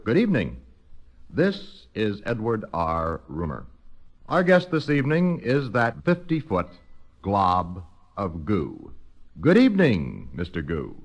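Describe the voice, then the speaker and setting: A man playing a solemn television interviewer who speaks gravely and deliberately. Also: lowish voice, huge pitch swings, heavily acted.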